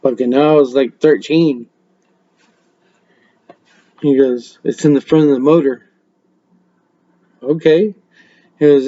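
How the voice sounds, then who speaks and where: A man with a mellow, darkish voice tells loose stories on a practice podcast, swearing freely and breaking into laughs. The audio is dull and lo-fi, like a webcam mic. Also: medium pitch. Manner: profane, laughing, rambling storyteller. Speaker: podcast host. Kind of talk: casual storytelling.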